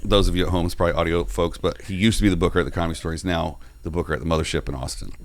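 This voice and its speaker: A man hosting a podcast in casual chat, throwing in quick quips and asides to listeners. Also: low voice, steady tone. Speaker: podcast host.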